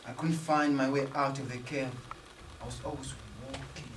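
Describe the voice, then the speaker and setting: A woman telling a dramatic story in spoken-word style, with rhythmic, repetitive phrasing and loud outbursts. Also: a bass voice, little pitch movement, normal speed, a little hiss or hum. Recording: roomy, distant, faint ambience.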